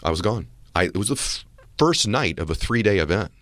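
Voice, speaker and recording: A middle-aged American man hosting a podcast interview, telling a story in an earnest, animated way. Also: fairly low pitch, brisk, no echo. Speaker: podcast host. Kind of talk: conversational interview.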